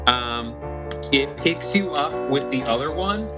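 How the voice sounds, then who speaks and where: A man running a tabletop game as game master, slow and hesitant, with many fillers. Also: medium pitch, expressive. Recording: music playing behind.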